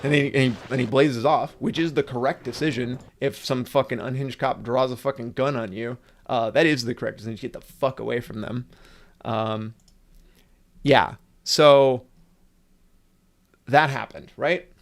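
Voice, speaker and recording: A man's voice: mid-range voice, steady tone, normal speed. A man hosting a casual livestream, ranting with sarcasm and frequent swearing. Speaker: livestream host.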